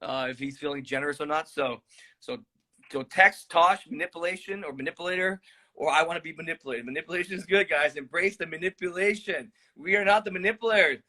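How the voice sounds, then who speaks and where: A man's voice: a little high, quick pace, bright, forceful tone. A man hosting a live stream about trading stocks, talking loosely to viewers, rambling, swearing and calling them "guys".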